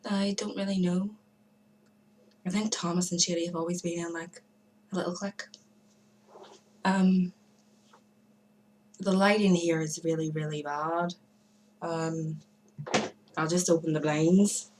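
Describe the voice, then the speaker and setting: Slow, low-voiced woman rambling to camera. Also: fairly even intonation, a little mellow, poor audio. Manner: hesitant, many fillers and restarts, chatty asides. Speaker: vlogger giving forum shout-outs. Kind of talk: casual rambling monologue to camera. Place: room at home by a window.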